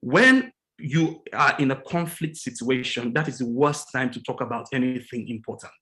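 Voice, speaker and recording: A man giving an earnest teaching talk about relationships as a guest on a religious morning show, slowing down and stressing key words and repeating his points. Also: low-quality recording. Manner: acts out quoted dialogue with lively pitch jumps.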